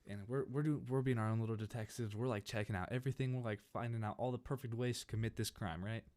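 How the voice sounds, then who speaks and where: A young man from California telling a casual storytime over gameplay, rambling and animated, with many restarts. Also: medium pitch, fast talker. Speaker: gaming channel host.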